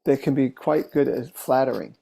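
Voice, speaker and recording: A man working as a therapist, telling case stories in a relaxed, conversational way, with fillers and restarts. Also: mid-range voice, moderate pace, gravelly, breathy edge. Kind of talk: casual teaching talk with case stories.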